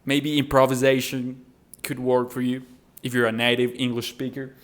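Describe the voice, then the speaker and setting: A man's voice: medium pitch, monotone, normal speed. Man giving casual speaking tips. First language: Spanish. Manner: informal, addresses viewer directly, corrects himself often. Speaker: self-improvement vlogger teaching public speaking. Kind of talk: casual instructional talk to camera.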